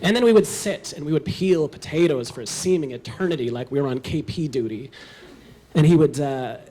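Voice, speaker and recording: A man's voice: on the high side, lively intonation, brisk, mellow. Wry man telling a comic story on stage. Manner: wry, comic, self-deprecating. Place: stage at a live storytelling show.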